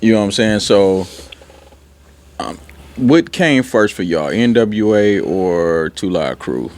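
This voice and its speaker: Podcast host, man, low voice, easygoing questioner. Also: animated, takes it slowly, a little mellow. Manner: easygoing, asks questions, agrees often. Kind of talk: casual podcast conversation.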